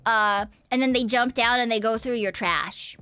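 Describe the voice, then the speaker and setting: A woman's voice: fairly high pitch, fairly even intonation, normal speed, bright, forceful tone, clear, resonant tone, no echo. Playful giggly woman streamer. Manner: playful and giggly, repeats little mm-hmms and yeses. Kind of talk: casual chat on a game stream.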